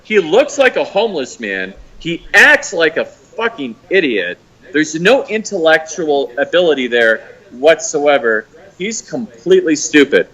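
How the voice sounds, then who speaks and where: An American man calls in to a show for a heated rant, mocking someone and swearing a lot in an animated, profane way. His pitch is fairly high and his pace a little slow, and the recording is rough.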